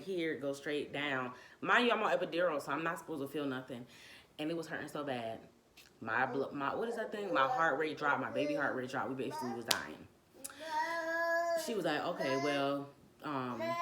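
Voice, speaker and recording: A young woman telling a casual storytime about giving birth, animated and slangy, acting out what people said. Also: low voice, noisy background. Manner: animated, slangy, acts out quotes, laughs often.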